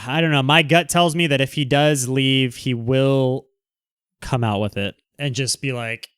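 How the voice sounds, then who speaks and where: A man's voice: medium pitch, fairly bright tone, clean tone, dry recording, clean studio sound. A man hosting a livestream, reading viewer comments aloud and answering them in a frank, rambling way with many restarts. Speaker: livestream host.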